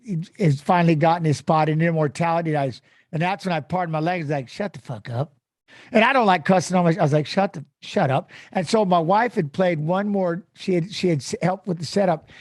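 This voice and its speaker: Man, interview guest, animated storyteller, acts out voices, fairly high voice, dry close sound. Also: no room sound. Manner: animated, acts out quoted voices, swears casually. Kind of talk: emotional storytelling.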